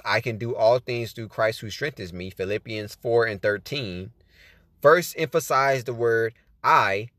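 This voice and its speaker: A man's voice: lowish voice, a bit bright, no echo. A man hosting a podcast, talking casually about Bible study and often saying "you know what I'm saying.". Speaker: podcast host. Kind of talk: casual faith talk, reading tips.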